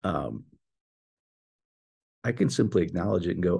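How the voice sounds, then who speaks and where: A man giving an informal, earnest faith talk, speaking directly to his listeners with quick repetitions and restarts. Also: low-pitched, lively intonation, creaky, warm tone, husky. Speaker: Christian teacher.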